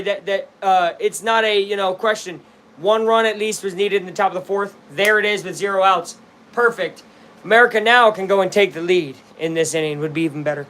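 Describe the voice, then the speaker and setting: A young man giving casual play-by-play as he watches a baseball game live, rambling between pitches and bursting into shouts at big hits. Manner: chatty, rambling, erupts into shouts at big plays.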